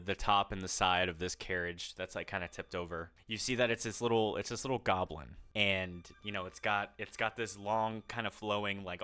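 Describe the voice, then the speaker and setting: A man's voice: fairly low pitch, sharp tone, smooth. A man running a tabletop game as game master, narrating loosely with lots of fillers. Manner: loose, filler-heavy storytelling.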